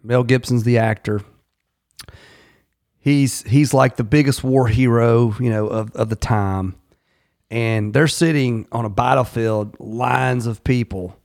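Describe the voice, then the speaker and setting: A man co-hosting a business podcast, explaining in a relaxed, storytelling way. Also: mid-range voice, slow pace, gravelly, no echo, clean studio sound. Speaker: podcast co-host. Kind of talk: casual chat.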